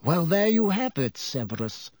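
Calm, quiet, wise old headmaster in a storybook, voiced by a man. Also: high-pitched, unhurried, dry recording, studio quality, pitched above the performer's own voice, heavily acted.

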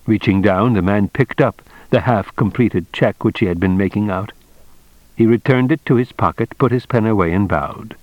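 A man narrating an audiobook in a measured, even storytelling manner. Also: fairly low pitch, dry recording, lo-fi sound. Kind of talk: scripted narration.

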